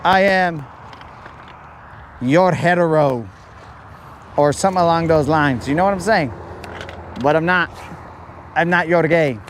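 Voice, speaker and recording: A man fishing on a livestream beside a riprap shoreline near a road chats casually, rambling and joking with viewers like they're his bros. He has a fairly high voice, a moderate pace with frequent pauses, and slight background noise.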